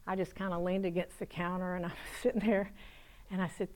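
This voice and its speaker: A woman pastor giving a spoken testimony to an audience, telling her story with lively energy and dropping into soft, hushed tones. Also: lowish voice, brisk.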